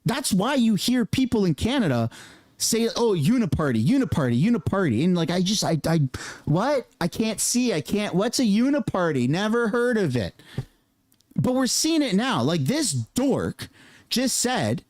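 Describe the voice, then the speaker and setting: Profane, animated man ranting. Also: high-pitched, unhurried, dry recording. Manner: profane, mocking impressions of others. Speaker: political commentary host. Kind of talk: casual ranting commentary.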